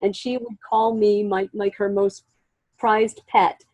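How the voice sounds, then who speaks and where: A woman with a husky, slightly breathy voice recounts her story in an interview, pitched around the middle for a woman. She speaks with emotion and drops into quoted dialogue to replay past scenes. The sound is dry and close, with no room around it. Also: level tone, moderate pace, mellow, dry recording, lo-fi sound. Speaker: interview guest.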